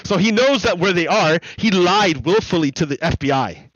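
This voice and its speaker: High-voiced chatty man streaming. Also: animated, normal speed, fairly bright tone, no room sound. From United States. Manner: chatty, laughs often, repeats points. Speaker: livestream host. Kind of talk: casual livestream commentary. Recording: dry, slightly dull lo-fi sound.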